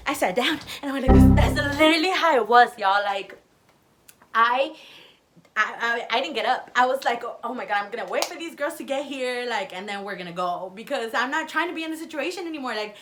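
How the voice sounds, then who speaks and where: A young woman in her twenties telling a story casually on her vlog, animated and profane, acting out what people said. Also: fairly high pitch. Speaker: vlogger.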